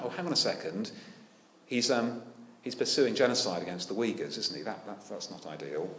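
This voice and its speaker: A man preaching a sermon, animated and full of rhetorical questions with dry humour. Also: lowish voice, a little fast, roomy sound, slight background noise. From United Kingdom. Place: church.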